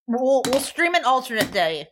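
A woman's voice: sits high, normal speed, noisy background. A woman co-hosting a tabletop game podcast, giggly and hiccuping as she chats. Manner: giggly, lively. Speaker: podcast co-host and player. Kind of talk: casual podcast chat.

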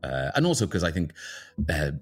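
A middle-aged man from Ireland, talking as a guest in a relaxed interview. His voice sits low and deep, then swings widely when he tells a story. He is chatty and pokes fun at himself. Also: normal speed, faint music behind. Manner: chatty, self-mocking, animated with big pitch jumps. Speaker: guest, author and TV presenter. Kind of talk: casual interview chat.

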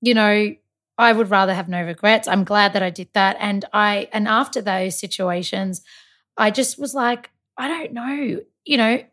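Woman telling a story with animated quoted voices. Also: medium pitch, moderate pace. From Malta. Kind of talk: casual storytelling chat.

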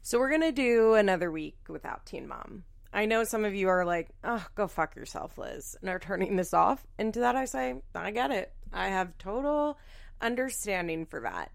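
A young woman talks through her solo podcast in a loose, rambling way. Her voice has a noticeable gravelly fry. She swears casually and jokes at her own expense. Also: medium pitch, big pitch swings, moderate pace. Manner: chatty, rambling, swears casually, self-deprecating. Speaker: podcast host.

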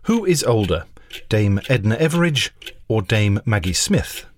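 A man's voice: on the low side, sing-song, measured pace, a little hiss or hum. A man co-hosting a comedy quiz podcast, trading dry, playful banter and reading out general knowledge questions. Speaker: podcast co-host, quizmaster.

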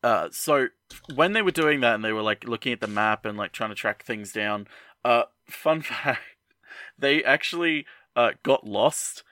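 A man's voice: mid-range voice, expressive, a little slow, pushed and bright. A man co-hosting a podcast, chatting casually with fillers and sharing behind-the-scenes fun facts. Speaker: podcast co-host. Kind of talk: casual chat with trivia.

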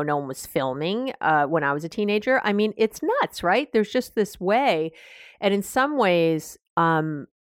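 A woman's voice: lowish voice, dry recording, clean studio sound. A middle-aged woman hosting a parenting podcast, talking through advice in a loose, conversational way, often correcting herself and acting out what parents say. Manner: conversational, animated, self-correcting, acts out parent lines. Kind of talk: advice talk.

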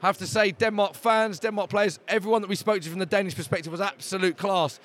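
An English man hosting a podcast outside a stadium, emotional and breathless, putting excited questions to a guest. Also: high-pitched, quick pace. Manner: breathless, emotional, calling questions over the noise. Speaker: podcast host. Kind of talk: excited on-the-street podcast interview. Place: outdoors by a stadium after a match.

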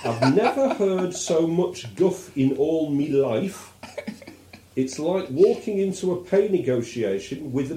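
A man doing a blunt union man, gruff and scornful, dragging his words out in a higher, slower voice. The sound carries a roomy echo. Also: warm tone.

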